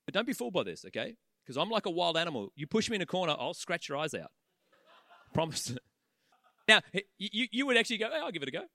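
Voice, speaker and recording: A man preaching a sermon in church, animated and conversational, acting out the voices of the people he talks about. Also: high-pitched, fast, no echo.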